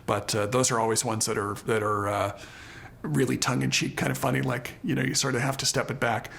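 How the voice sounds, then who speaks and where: A man's voice: mid-range voice, flat delivery, brisk, vocal fry, fairly bright tone, slight background noise. A man, a winemaker and co-owner, answering an interview question in an easygoing, amused way.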